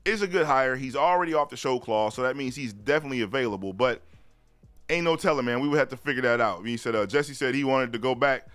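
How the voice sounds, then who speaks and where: A man's voice: medium pitch, quick pace, faint music behind. Male sports stream host, casual slangy talk, reads chat aloud, mid-range voice. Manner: loose slang-heavy chat, repeats "you know what I'm saying"; reads viewer chat aloud and shouts out viewers.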